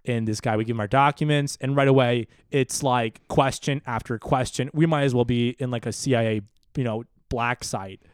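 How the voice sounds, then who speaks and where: A man co-hosts a casual podcast, spinning a long story with lots of stammering restarts and growing animation. His voice is smooth and resonant, and the recording is close and very dry. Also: medium pitch, fairly even intonation, moderate pace, dry recording. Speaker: podcast co-host.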